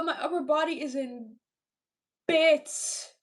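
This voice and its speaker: A woman in her thirties from Romania, with a Romanian accent mixed with Irish and London English, casually chatting with viewers on a livestream, animated and full of fillers. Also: sits high, normal speed. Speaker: livestream host reading chat.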